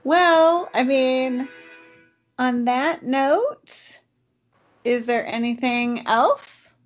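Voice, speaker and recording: A woman's voice: sits high, expressive, drawn-out words, muffled recording, soft background music. A woman co-hosting a podcast, chatting casually and rambling with lots of fillers. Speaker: podcast co-host. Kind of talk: casual chat.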